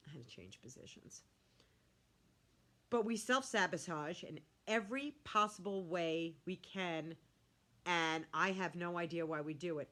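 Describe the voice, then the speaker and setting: A woman's voice: on the low side, a bit bright. A middle-aged woman chatting bluntly and sarcastically to camera about dieting. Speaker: diet vlogger. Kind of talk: casual chat to camera.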